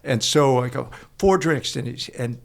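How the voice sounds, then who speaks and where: Older man, gravelly voice, halting storyteller, repeats words, chuckles. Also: medium pitch. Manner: halting, repeats words, laughs while telling stories. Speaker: guest, veteran and author. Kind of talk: casual storytelling interview.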